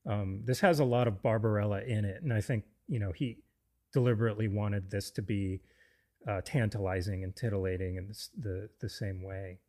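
A man's voice: on the low side, steady tone, fairly quick, dark tone. A man co-hosting a casual film discussion, enthusiastic and often restarting his sentences. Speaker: podcast co-host.

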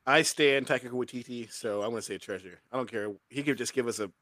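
A man's voice: mid-range voice, fast talker, a bit bright, no room sound. A man co-hosting a casual chat, ranting playfully and animatedly. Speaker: podcast co-host.

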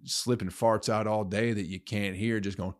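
Crude ranting man, low voice. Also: steady tone, normal speed. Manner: crude, profane, sarcastic ranting with sudden loud outbursts. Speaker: podcast host. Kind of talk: solo ranting podcast monologue.

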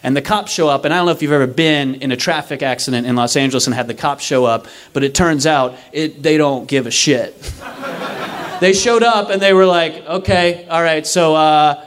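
A young man telling a story to a live audience, animated and self-mocking, acting out the people he quotes. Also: on the high side, fairly quick.

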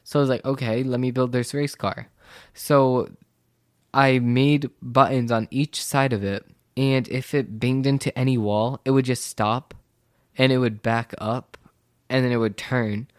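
With an unhurried, steady delivery, a teenage boy who vlogs recounts a wandering school story, acting out each person's words with "I was like." He describes himself as sensitive. His medium-pitched voice is smooth, and the studio-quality recording has no echo.

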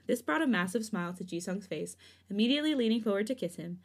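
A woman co-hosting a podcast, narrating fan fiction in a steady, even reading voice. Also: medium pitch, fast talker. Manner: smooth, steady reading, giggly in chat. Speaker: podcast co-host.

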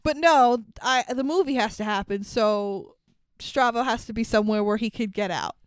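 High clear-voiced woman ranting casually. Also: normal speed, no echo. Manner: animated, exasperated, swears freely. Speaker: podcast co-host. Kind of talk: casual movie recap chat.

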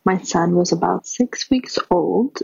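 A mother telling a lively, funny anecdote. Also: lowish voice, measured pace, vocal fry, husky. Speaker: mother sharing a story. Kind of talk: casual anecdote. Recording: dull lo-fi recording.

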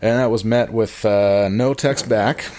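Low-voiced man, rambling and self-mocking. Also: fairly even intonation, unhurried, darkish tone. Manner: rambling, self-deprecating, profane, often laughing. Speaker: podcast guest telling a story. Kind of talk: casual comic storytelling.

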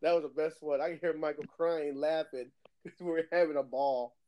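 A man chatting casually on a podcast, telling lively gaming stories and mimicking other players' voices. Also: a little high, brisk, muffled recording. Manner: animated storyteller who acts out other players' voices and swears. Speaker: podcast co-host. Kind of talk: casual chat, storytelling.

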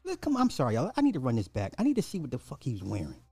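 A man's voice: huge pitch swings, racing, gravelly, a little mellow, slightly rough, soft background music. A man hosting a commentary podcast, reacting to a clip with incredulous mockery. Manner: incredulous, swinging wildly in pitch, mocking. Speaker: podcast host.

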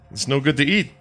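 A man's voice: medium pitch, bright, forceful tone, dry recording, pitched above the performer's own voice, heavily acted. A man voicing an earnest young cleric who talks in a flustered but coaxing way. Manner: flustered, then coaxing and reasonable. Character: earnest young male cleric of a sun god.

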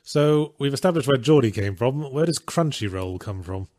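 A man's voice: medium pitch, expressive, moderate pace, a little mellow, dry recording. A man co-hosting a casual stream, reading out donations with dry, wry asides.

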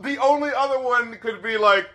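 A man co-hosting a podcast in casual chat, animated and profane, slipping into mock voices. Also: very high voice, normal speed. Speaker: podcast co-host.

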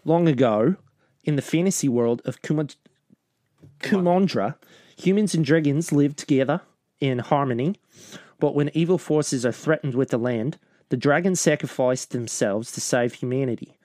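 A man's voice: mid-range voice, moderate pace, warm tone, dry recording, lightly acted. A playful mock-Australian narrator, as a man puts him on reads a fantasy film blurb in a jokey, amateur accent that trips over the names. The sound is dry and close, with no room around it. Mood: mock-grand.

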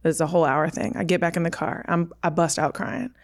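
A woman in her thirties, a podcast guest, telling a personal story in a candid, emphatic, unhurried way. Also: lowish voice, level tone.

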